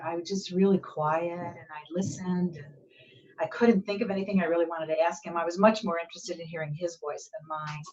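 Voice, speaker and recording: A woman telling a reflective personal story in a gentle, unhurried way, acting out the dialogue she quotes. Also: medium pitch, far from the mic, dull audio. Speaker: guest speaker.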